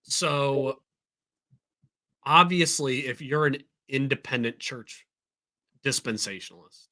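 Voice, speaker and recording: A man's voice: mid-range voice, slow, sharp tone. A man hosting a podcast interview, asking questions casually and thinking aloud with many fillers. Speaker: podcast host. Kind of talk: casual chat.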